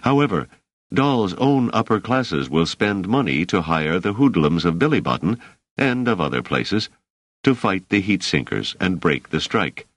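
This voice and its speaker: A man's voice: sits low, very animated, unhurried, no room sound, exaggerated voice. A man reading an audiobook and voicing a weary, bitter male rebel leader who argues in an earnest, urgent way.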